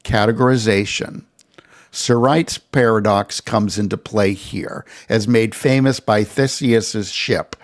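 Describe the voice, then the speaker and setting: Low-voiced man giving a dry philosophy talk. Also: slow. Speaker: author explaining his book.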